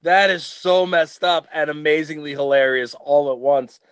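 A middle-aged man co-hosting a podcast, chatting casually, rambling and stammering with loud laughs. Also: fairly high pitch, moderate pace, clear, resonant tone, no room sound. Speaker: podcast co-host. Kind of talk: casual chat.

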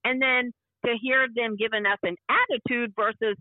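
A woman's voice: on the high side, steady tone, normal speed, no echo. A woman in her fifties, an interview guest giving an emphatic personal account and acting out the dialogue she quotes. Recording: tinny phone-line sound.

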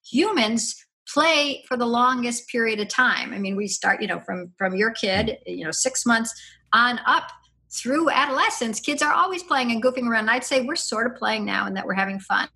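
A middle-aged woman talks on a podcast as a guest, explaining ideas in a loose, tangent-filled way and breaking into laughs. Her voice sits a little high and sounds bright and sharp. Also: normal speed, creaky. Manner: lively, laughs often, tangents and restarts. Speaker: podcast guest, free-play advocate. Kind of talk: casual conversational explaining.

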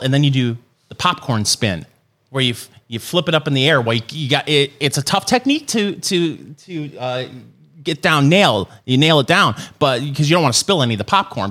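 A man co-hosting a podcast, rambling and halting as he explains his food habits. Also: mid-range voice, a bit bright. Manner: rambling, halting, self-mocking. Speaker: podcast co-host. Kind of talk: casual chat.

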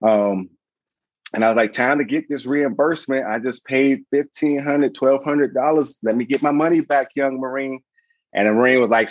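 Man, 30s, podcast guest. Lively storyteller who mimics voices, mid-pitched, dry, slightly dull sound. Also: normal speed, no room sound. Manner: animated, acts out voices in anecdotes. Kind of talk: casual storytelling.

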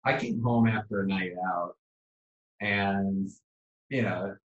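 A man talking as a guest in a casual chat, telling stories in a relaxed way. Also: fairly low pitch, slow, echoey room, dull audio.

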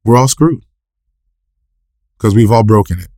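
With lively intonation and a dark tone, a man preaches at a slightly slow pace, questioning and answering himself and repeating scripture quotes. His voice climbs sharply in pitch and volume when he wants emphasis. The podcast recording is studio quality, with no room sound.

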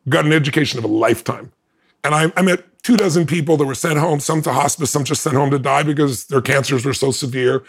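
Speaking fast in a husky voice pitched on the high side, a man appears as a podcast guest recounting something that happened to him. He brings the story to life by laughing between lines and performing other people's words.

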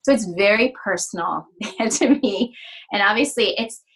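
A middle-aged woman, a physical therapist and practice owner, tells an emotional personal story as a podcast guest, in an expressive medium-pitched voice at normal speed. Earnest, she fills her speech with fillers and restarts while acting out dialogue. The audio is poor.

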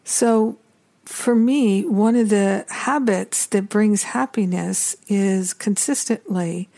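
A woman hosting a spiritual talk show, speaking gently and repetitively, with some passages like a prayer. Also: medium pitch, takes it slowly. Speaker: spiritual teacher and podcast host.

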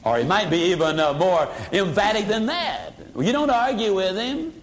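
An older man delivers a sales seminar. His voice sits high for a man, and he acts out customers and family members, dropping low and quiet for emphasis. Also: expressive, normal speed. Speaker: sales trainer. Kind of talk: motivational sales seminar talk.

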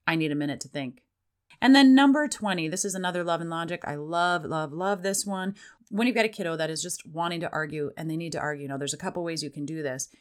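A woman's voice: lowish voice, quick pace, clear, resonant tone. A woman hosting a parenting podcast, chatting casually and acting out parent lines in a raised voice. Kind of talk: casual solo podcast talk.

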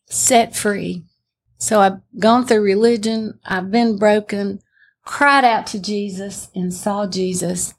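An older woman sharing a personal faith testimony in an earnest, emphatic storytelling way. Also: mid-range voice. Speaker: testimony speaker.

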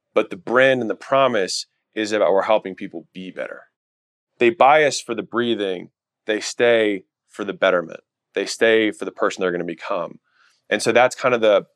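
Male podcast host, low-pitched, relaxed talk on branding and stories. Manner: casual, storytelling with quick character voices. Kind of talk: business advice monologue.

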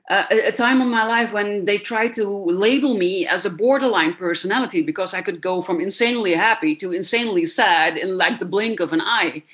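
A woman's voice: medium pitch, a bit bright. Reflective woman, candid. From Netherlands. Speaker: guest, transformation coach. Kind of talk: podcast interview talk.

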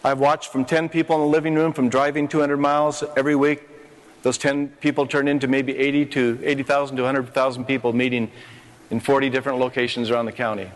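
A man's voice: mid-range voice, little pitch movement, fast talker. An older man preaching on a conference stage, impassioned, with rising emphatic phrases. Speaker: pastor. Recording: long hall reverb.

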